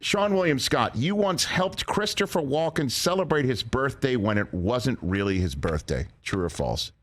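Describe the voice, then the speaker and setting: A man's voice: mid-range voice, lively intonation, normal speed. A man hosting a talk show, playfully quizzing his guest. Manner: playful quiz-show delivery. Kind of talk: sports talk show banter.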